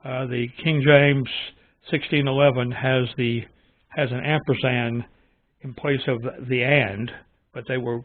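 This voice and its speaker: A man hosting his own channel, giving casual, opinionated commentary in a musing, halting way. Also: mid-range voice, little pitch movement, no room sound. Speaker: channel host reviewing Bible translations. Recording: dry, tinny phone-like audio.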